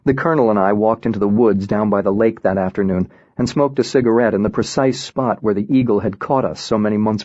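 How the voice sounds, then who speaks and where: A man reading a first-person novel aloud in an even, reflective way. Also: on the low side, no echo. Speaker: audiobook narrator. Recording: dull, dry lo-fi recording.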